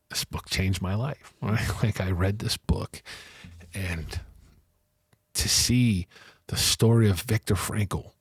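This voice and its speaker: A man's voice: deep voice, husky, no echo, studio quality. A middle-aged man in a candid interview, earnestly recounting his past and acting out conversations with raised voices. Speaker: interview guest.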